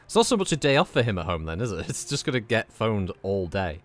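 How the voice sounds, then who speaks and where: A man's voice: fairly low pitch, big pitch swings, fast. A man streaming a video game, chatting casually with friends, joking and laughing often. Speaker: gaming streamer. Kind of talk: casual chat while gaming.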